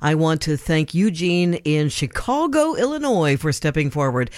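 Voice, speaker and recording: A man hosting a live radio pledge drive, making urgent, animated appeals for donations. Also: on the high side, normal speed, no echo, studio quality. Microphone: studio microphone.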